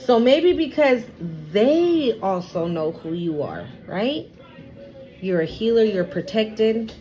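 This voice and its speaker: A woman with a fairly high voice talks her viewers through a tarot spread at an unhurried pace. She is blunt and emphatic, swears freely, and repeats each warning to drive it home. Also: big pitch swings, warm tone, lo-fi sound, faint music behind. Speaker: tarot reader. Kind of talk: casual tarot reading to viewers.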